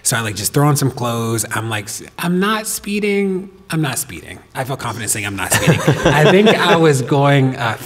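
A man telling a personal story to a host on stage, animated, laughing often and talking with lots of fillers. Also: mid-range voice, a little fast, hardly any pauses. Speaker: podcast guest. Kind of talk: storytelling in a live talk. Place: stage of a performance venue. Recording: long reverb of a hall.

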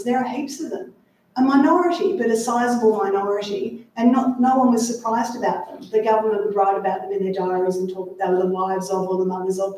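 Chatty woman author in an echoey hall. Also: mid-range voice. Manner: lively, chatty, wry asides. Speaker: author giving a library talk. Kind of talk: talk and audience Q&A. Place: library event room. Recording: echoey room from far off with faint hum.

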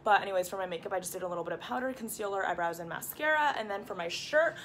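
A woman's voice: mid-range voice, expressive, racing, a bit bright, slight background noise. Chatty young woman vlogging on her phone. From United States. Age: young adult. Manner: chatty, lots of likes and ums. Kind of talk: casual vlog to camera. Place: dorm room, then walking outdoors around campus.

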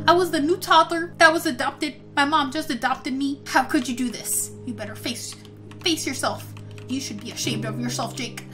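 Dramatic high-voiced woman gamer. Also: animated, moderate pace, a bit bright, soft background music. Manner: dramatic, gasping, exclaiming. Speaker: gaming channel host. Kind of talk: playing a kid in game role-play.

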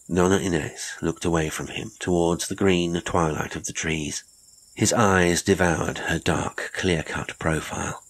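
A man narrating a classic horror audiobook in a measured, theatrical reading. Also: sits low, fairly even intonation, husky, rough recording.

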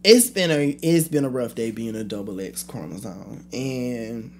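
A woman's voice: a bass voice, expressive, measured pace, a little hiss or hum. A young adult woman hosting her own podcast in a casual solo rant, blunt and profane, trailing off and restarting her thoughts. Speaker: podcast host.

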